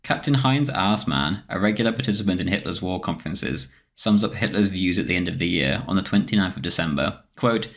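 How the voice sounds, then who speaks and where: Speaking in a deep, low voice, a man narrates a scripted history documentary. His delivery stays even and measured throughout.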